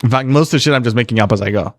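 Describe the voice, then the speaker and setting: Speaking rapid-fire at a medium pitch, a man coaches on dating in a casual livestream Q&A. He reads viewer questions out loud and responds in a blunt, profane, easygoing manner, captured with studio quality and no room sound.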